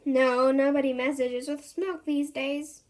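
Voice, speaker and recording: High-voiced woman reading a children's story. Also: unhurried. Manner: voices characters with lively pitch jumps. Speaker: reader. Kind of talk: reading a children's book aloud.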